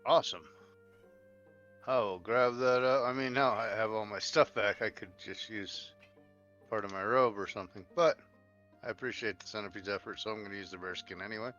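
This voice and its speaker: A man's voice: lowish voice, a little fast, a bit bright, lo-fi sound, soft background music. A man playing in a tabletop game, joking around with emphatic, swear-heavy banter. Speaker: player.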